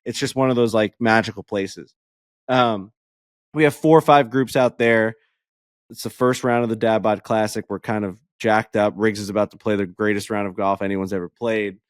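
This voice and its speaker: A man co-hosting a podcast, telling a story in casual chat, animated and profane, acting out the people he quotes. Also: fairly low pitch, moderate pace, dry recording, clean studio sound. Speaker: podcast co-host.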